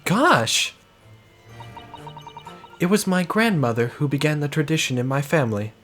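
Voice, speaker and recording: Man doing a young, stern French museum owner, rough accent attempt, lively lilt. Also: a little high, unhurried, soft background music, voice pushed up. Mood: formal, stern. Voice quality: shaky put-on French accent. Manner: formal, stern and proper. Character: young mysterious woman who runs a waxwork museum.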